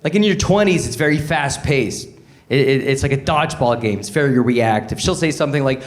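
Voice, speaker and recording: A Canadian man in his forties performs a wry stand-up set on a comedy stage before a live audience, acting out both sides of arguments. His mid-range voice is animated and a little fast.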